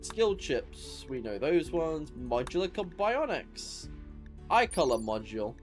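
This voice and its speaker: A man's voice: fairly high pitch, sing-song, slow, faint music behind. A sleepy man streaming a game, reading out menu items and rambling in a tired, offhand way. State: sleepy, yawning. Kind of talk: casual gameplay commentary.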